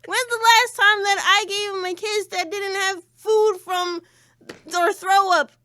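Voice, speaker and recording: A woman chats on a podcast, venting between laughs and tears. Her voice is very high and bright. The sound is dry and close. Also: steady tone, measured pace, no room sound. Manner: laughing, tearful venting, swinging from loud to low. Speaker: podcast co-host. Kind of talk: casual chat.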